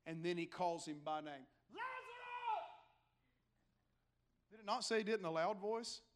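A man, a pastor delivering a dramatic sermon in church, moving from quiet scripture reading to shouted calls. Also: high voice, brisk.

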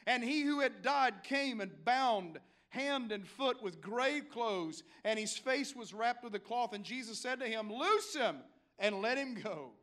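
A man, a pastor delivering a dramatic sermon in church, moving from quiet scripture reading to shouted calls. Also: extremely high pitch, unhurried, few pauses.

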